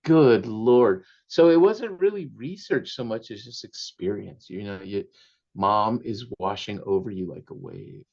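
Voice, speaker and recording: A man's voice: fairly low pitch, measured pace, darkish tone, highs cut off. An older man, an author, telling family anecdotes in an interview, laughing often and slipping into Spanish phrases. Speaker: author guest. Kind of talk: storytelling interview.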